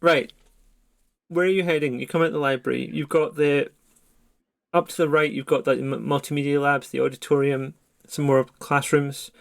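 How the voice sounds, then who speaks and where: A man running a horror tabletop game as game master, describing scenes in measured narration. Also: fairly high pitch, steady tone, vocal fry.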